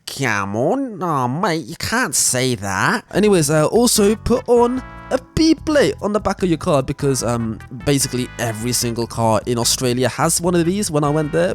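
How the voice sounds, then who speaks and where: A man hosting a gaming channel, giving animated, joking gameplay commentary and often tripping over his words. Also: fairly high pitch.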